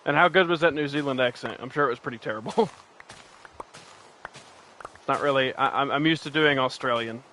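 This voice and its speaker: A man's voice: mid-range voice, fairly quick, pauses often, sharp tone, slight background noise, rough recording. A man streaming a game in casual chat, rambling, laughing often and answering his chat. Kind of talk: casual chat while playing and reading chat.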